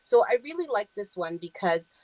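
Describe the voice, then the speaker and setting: A woman's voice: medium pitch, sing-song, normal speed, darkish tone, no echo, rough recording. A woman hosting a talk show, speaking in an earnest, affirming way with frequent ums as she walks through slides and reads short phrases aloud. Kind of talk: conversational talk show presentation.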